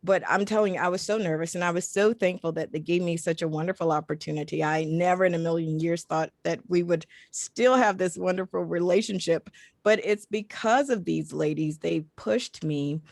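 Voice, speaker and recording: A woman's voice: lowish voice, a little fast, creaky, darkish tone, dry recording. A woman who narrates audiobooks and podcasts, chatting effusively and emotionally on a video call panel. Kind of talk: casual panel chat.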